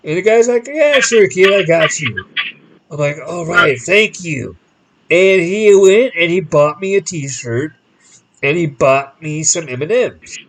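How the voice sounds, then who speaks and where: A man with a slightly high voice hosts a casual podcast and tells a long story. He acts out the people in it with lively shifts of voice and often restarts his sentences. Faint noise sits under the recording. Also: a little slow, low-quality recording. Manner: animated, acts out quoted people in different voices; rambling with frequent restarts. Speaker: podcast host.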